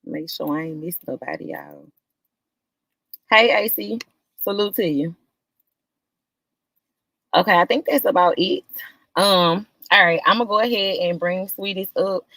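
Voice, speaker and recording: A woman hosting a live stream, greeting viewers one by one in a casual chat, with drawn-out greetings that jump up high. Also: dry recording. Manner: warm, drawn-out greetings with sudden high lifts.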